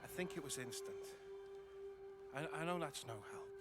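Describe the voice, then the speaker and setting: An actor playing a grieving man gently apologizing to a bereaved woman in a video game, soft and pleading. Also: a little high, animated, normal speed, over music, natural voice. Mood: remorseful.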